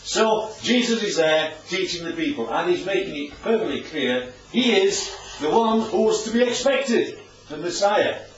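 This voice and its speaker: Lively preacher in an echoey hall. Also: male voice, sits high, moderate pace, slight background noise. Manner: chatty, asks the audience questions. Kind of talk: informal Bible teaching with slides. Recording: distant, echoey, dull room recording.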